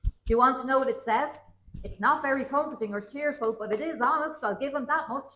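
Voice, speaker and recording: A woman reads a story aloud, her voice sitting a little high. She tells it in a dry, wry first-person way, and the big room around her rings with echo. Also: brisk, sharp tone, slight background noise. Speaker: children's author. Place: large roomy museum hall at a public event. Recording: roomy event hall.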